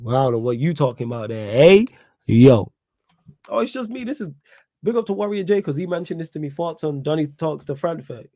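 A young man hosting a podcast, answering viewer questions in a calm, laid-back, conversational way. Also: a little high, no room sound. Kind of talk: casual chat.

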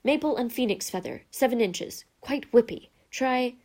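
A woman playing Ollivander, a soft-voiced old wandmaker. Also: fairly high pitch, pitched above the performer's own voice. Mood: excited. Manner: soft, slow, then suddenly excitable. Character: soft-spoken, eerie old male wandmaker.

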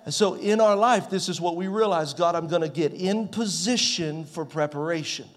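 A pastor in his forties preaching a sermon in a conversational way, swinging from loud to soft. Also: on the high side, normal speed. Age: 40s.

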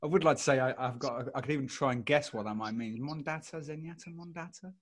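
A man's voice: medium pitch, quick pace. A man in his forties hosting a music podcast, chatting casually with a wry, self-deprecating humor. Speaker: podcast host. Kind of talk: casual chat.

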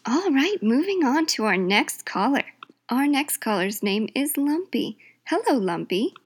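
A woman hosting a comedy cat call-in radio skit, with a cheery, brisk mock-broadcaster manner. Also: high voice, very animated, slightly rough. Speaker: host.

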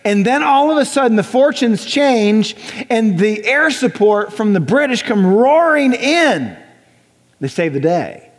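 A young adult man preaching a sermon in a church, conversational and animated, often acting out voices. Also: high-pitched, measured pace. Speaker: pastor. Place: church sanctuary. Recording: church hall reverb.

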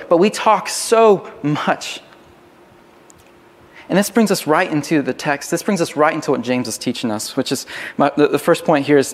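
A man's voice: a little high, in a large hall. A man preaching a sermon as pastor, earnest and often repeating words as he starts a phrase.

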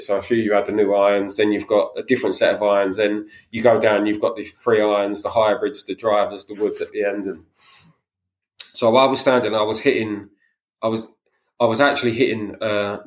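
Man, fairly low voice, rambling storyteller, roomy echo. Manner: rambling storyteller, many fillers and restarts. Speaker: podcast co-host, golfer. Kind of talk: casual chat.

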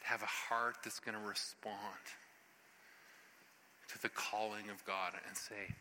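A man preaching a sermon in an animated, conversational way, acting out scripture scenes. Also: on the low side, normal speed, long reverb tail, a little hiss or hum, rough recording.

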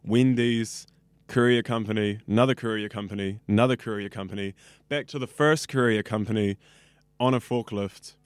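A man's voice: lowish voice, steady tone, normal speed, dry recording. A 21-year-old man with a New Zealand accent, a radio student chatting casually in an interview, rambling and full of fillers. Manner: chatty, rambling, says like a lot.

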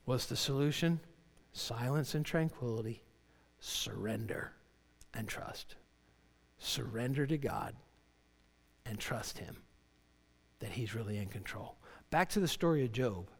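Man, pastor, earnest sermon, slow delivery, long hall reverb. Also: medium pitch, animated, gravelly, slightly rough. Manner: earnest, repeats words when starting lines.

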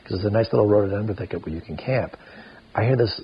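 A man, a podcast guest, tells a story casually, full of "like" and quick asides. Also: husky, lo-fi sound. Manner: animated, lots of filler "like", jumps into high voices for quotes.

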